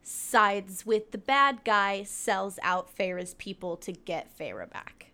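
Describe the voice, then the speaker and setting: A woman's voice: mid-range voice, slow, sharp tone. A woman chatting casually, laughing and throwing in jokey remarks. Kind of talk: casual chat.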